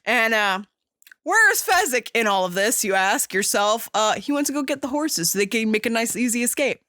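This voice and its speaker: Bright-voiced woman gushing over a movie. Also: on the high side, moderate pace, no echo, studio quality. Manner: excited, profane retelling with lots of fillers. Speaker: podcast host. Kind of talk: casual movie recap.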